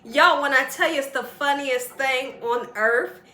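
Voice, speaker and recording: A woman hosting a casual cooking demonstration in her home kitchen, chatty and excitable. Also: high-pitched, measured pace, roomy sound. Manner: chatty and excitable, laughs while telling stories. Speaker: cooking channel host.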